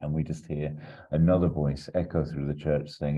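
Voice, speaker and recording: A man casually pitching a film plot as a podcast host, rambling, laughing often and swearing. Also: little pitch movement, normal speed, mellow, muffled recording.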